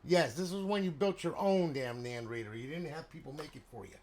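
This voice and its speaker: A middle-aged man with a New Jersey accent talks on a casual livestream. His voice sits a little high for a man. He talks bluntly, swears freely and rambles. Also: fairly quick, noisy background. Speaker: console modder and seller.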